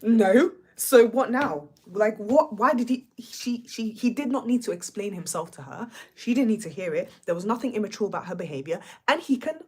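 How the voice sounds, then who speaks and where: A woman's voice: mid-range voice, brisk, hardly any pauses, husky. A young woman hosting a livestream, ranting sassily about a reality show. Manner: animated, sassy, ranting. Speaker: livestream host. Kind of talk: reality show reaction rant.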